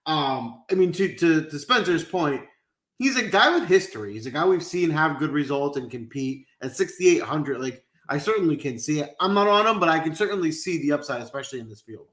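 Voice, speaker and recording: A man's voice: on the high side, expressive, fairly quick, fairly bright tone. A man giving fantasy golf picks in a casual live chat, confident and conversational. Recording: roomy echo.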